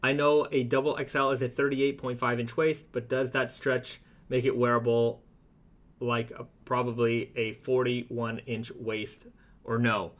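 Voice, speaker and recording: A man's voice: medium pitch, little pitch movement, a little slow. Rambling Canadian man reading chat comments. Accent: Toronto. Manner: rambling with many fillers and restarts. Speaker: co-host of a brand live stream.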